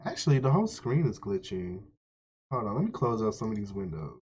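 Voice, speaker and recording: A man streaming live, chatting casually with his viewers, animated and swearing freely as he reacts to a video. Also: lowish voice, brisk, slightly rough. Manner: animated, swearing, talks to chat. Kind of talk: casual chat. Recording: dull lo-fi stream audio.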